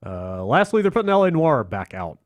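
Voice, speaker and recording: A man's voice: medium pitch, very animated, brisk, no room sound, studio quality. A man co-hosting a podcast in casual chat, rambling and hesitant, with plenty of fillers. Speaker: podcast co-host.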